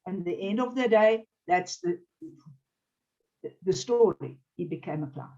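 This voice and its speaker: A woman telling a deliberate anecdote in a casual online chat. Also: on the low side, expressive, mellow. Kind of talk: casual storytelling. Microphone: video call. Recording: dull lo-fi sound.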